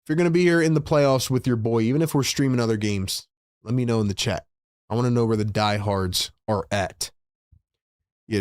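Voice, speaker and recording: Excitable man calling a game live. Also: medium pitch, no echo, studio quality. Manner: excitable, frustrated fan talk with slang. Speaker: livestream host doing fan play-by-play. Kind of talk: casual live-stream play-by-play and fan reaction.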